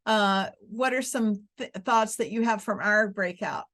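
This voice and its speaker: A woman's voice: medium pitch, unhurried, a bit bright. A woman in the middle of her vocal range wraps up a teacher webinar over a video call. She encourages her listeners and drops in filler words as she goes. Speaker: webinar faculty leader. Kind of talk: warm wrap-up of a teacher webinar.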